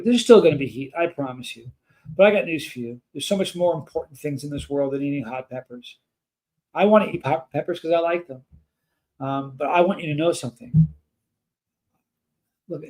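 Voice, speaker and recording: A man's voice: fairly high pitch, darkish tone. A man hosting a livestream, talking earnestly and emotionally to his chat, rambling and restarting his sentences. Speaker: livestream host.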